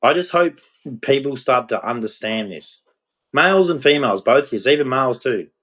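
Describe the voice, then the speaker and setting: A man talks bluntly and at length, rambling from point to point and leaning hard on his emphasis. His voice sits at an ordinary middle pitch, and the delivery feels like a candid, unscripted rant. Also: lively intonation, normal speed, a bit bright, low-quality recording. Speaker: podcast host. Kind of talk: candid relationship monologue.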